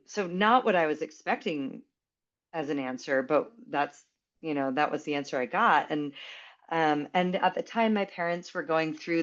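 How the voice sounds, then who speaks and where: Low-voiced woman telling a chatty story. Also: lo-fi sound. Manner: chatty, many fillers and "like"s. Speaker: interview guest. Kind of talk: casual storytelling.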